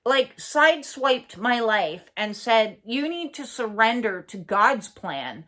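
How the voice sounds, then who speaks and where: A woman giving an earnest, reflective personal monologue for her own channel. She pauses often, fills gaps with "uh" and swears bluntly for emphasis. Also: on the high side, big pitch swings, fairly bright tone. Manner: earnest, halting, many fillers and pauses. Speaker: spiritual channel host.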